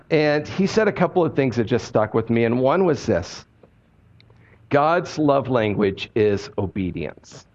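A man's voice: medium pitch, a little mellow, dull audio. A man preaching a sermon in a conversational, earnest way, repeating key points for emphasis. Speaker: pastor.

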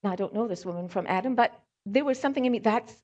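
A woman from Africa, giving a Bible teaching talk and telling a story with animated, acted-out asides. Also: a little high, fast, highs cut off. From South Africa. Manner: animated storytelling, acting out her own thoughts. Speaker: speaker.

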